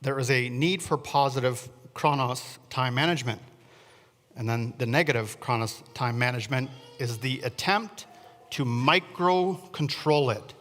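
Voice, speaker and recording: A man's voice: medium pitch, unhurried, fairly bright tone. A man delivers a sermon in an easy, conversational way, checking in with the congregation and joking at his own expense. His voice sits in an ordinary middle register. A long church-hall reverb trails after his words. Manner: chatty, asks the congregation questions, self-deprecating asides. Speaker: preacher. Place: church sanctuary.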